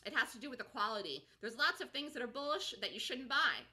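A woman's voice: a little high, big pitch swings, fast talker, sharp tone. A woman hosting a live stock market show, talking emphatically, repeating herself, and answering viewers' chat. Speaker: stock trading show host.

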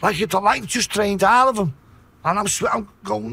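A man with a Liverpool accent telling a story in a casual way, swearing a lot and acting out his own shouts. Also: high-pitched, normal speed, gravelly, breathy edge. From Liverpool, England.

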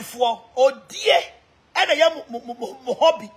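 Her husky voice sits high as this Ghanaian social media personality, animated and at a moderate pace, blends Twi and English in a laughing live-stream rant that mocks and taunts people online.

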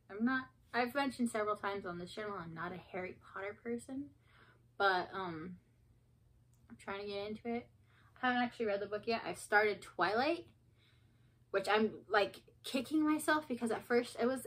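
A woman's voice: medium pitch, a bit bright, poor audio. A woman in her twenties chatting casually to her channel, rambling and gushing with lots of fillers, sometimes sinking to a whisper. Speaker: vlogger. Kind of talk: casual chat.

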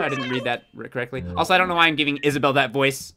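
A man's voice: mid-range voice, racing. A young man live-streaming a game from home, chatty and goofy as he thanks viewers and reacts to chat. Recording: game music behind the voice.

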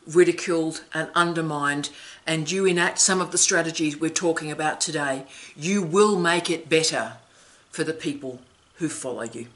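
Woman, middle-aged, low voice, theatrical and emphatic, solo vlog host. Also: a bit bright. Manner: emphatic, theatrical, laughs between phrases.

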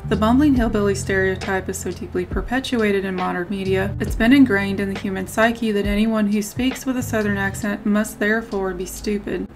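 A woman narrating a scripted video essay in a measured way, often reading out quotes. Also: mid-range voice. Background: background music.

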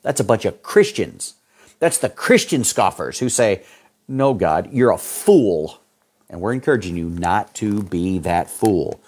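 A man preaching a sermon as pastor, fiery, swinging from loud peaks to low asides. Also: animated, moderate pace.

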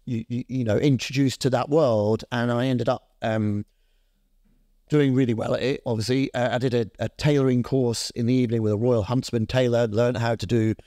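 A man's voice: medium pitch, normal speed, no echo, studio quality. A man in his fifties from Scotland, a fashion founder telling a long story as an interview guest, full of fillers and restarts. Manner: rambling, lively storyteller with many fillers and restarts.

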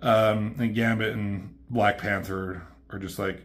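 A man's voice: lowish voice, steady tone, a little slow. A man casually recapping a comic book, profane and offhand, with a mocking edge as he quotes the characters.

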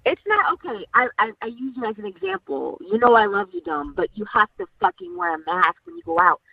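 Husky woman caller on a phone line. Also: a little high, very animated, brisk, no room sound. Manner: hesitant, stammering. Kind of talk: call-in talk.

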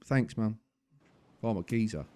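A young man with a British accent, commentating his gameplay with cheeky humour and getting loud and exasperated when ignored. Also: on the low side, lively intonation, moderate pace. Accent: British English. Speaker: gaming YouTuber.

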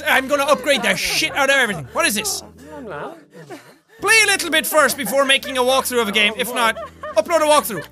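A young Irish man in his twenties commentating a game he is playing, excitable and jokey, swearing freely and talking back to the characters on screen. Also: extremely high pitch. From Ireland. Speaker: gaming YouTuber. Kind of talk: let's play commentary.

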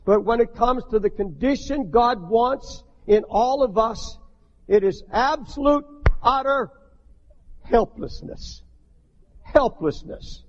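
An older man preaching a sermon as a pastor, impassioned, rising to shouts, with many restarts. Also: very high voice, unhurried. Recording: dull archival recording in a long-echo hall.

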